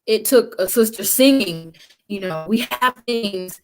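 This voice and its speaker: With a mid-range voice and an unhurried pace, this woman guest speaker holds an impassioned conversation. Her manner is emphatic and colloquial, like a preacher's.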